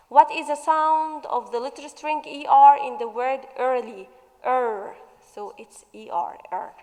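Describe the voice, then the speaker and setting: A woman English teacher going through a revision worksheet, stretching out example words slowly as she explains. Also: sits high, in a large hall, rough recording.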